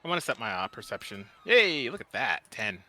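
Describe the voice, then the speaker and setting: A man playing in a tabletop game, talking excitably. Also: medium pitch, brisk. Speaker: player. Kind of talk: casual tabletop play.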